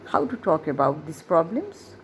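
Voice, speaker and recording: A woman's voice: low-pitched, huge pitch swings, a little hiss or hum. A woman English teacher, explaining a lesson step by step and repeating key phrases. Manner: explains slowly, repeats phrases, asks rhetorical questions. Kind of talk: classroom-style lesson explanation.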